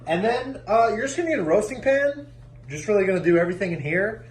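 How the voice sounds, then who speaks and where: A man's voice: sits high, sing-song, fast talker, low-quality recording. Chatty man cooking at home. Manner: chatty, jokey, upbeat. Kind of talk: casual cooking demo. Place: home kitchen.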